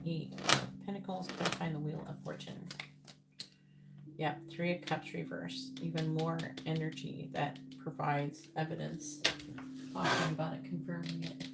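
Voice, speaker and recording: Gravelly-voiced woman reading tarot cards. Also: low-pitched, little pitch movement, unhurried, loud music behind the voice. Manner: names cards aloud in a murmur, then incredulous asides. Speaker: psychic tarot reader. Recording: loud background noise.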